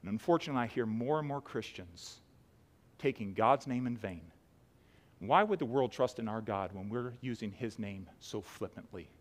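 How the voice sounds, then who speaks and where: A man preaching a sermon to a church congregation, swinging from loud pleading cries to quiet, earnest talk. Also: fairly low pitch, animated, moderate pace. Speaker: pastor. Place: church sanctuary.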